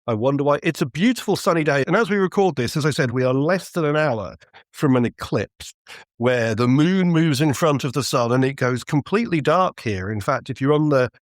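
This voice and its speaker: A man's voice: mid-range voice, animated, moderate pace, no room sound. A man co-hosting a privacy podcast, talking in casual chat with a dry, wry humor. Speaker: podcast co-host.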